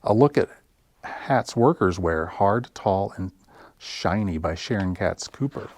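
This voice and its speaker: A children's librarian reading picture books aloud at story time, slow and expressive. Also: male voice, sits low, a little hiss or hum. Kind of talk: picture-book read-aloud.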